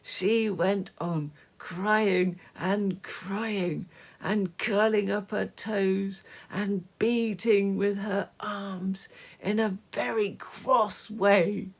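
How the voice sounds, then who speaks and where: Slow, husky woman reading a storybook. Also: medium pitch, steady tone. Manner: slow, gentle, with soft whispered asides. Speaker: storybook reader. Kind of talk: reading a children's story aloud.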